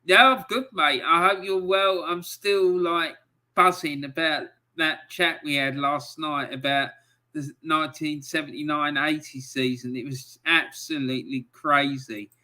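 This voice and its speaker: Bright-toned, unhurried football host. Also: male voice, fairly high pitch. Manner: excitable, chatty, swearing. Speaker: football fan show host. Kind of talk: live-stream chat reading viewer comments.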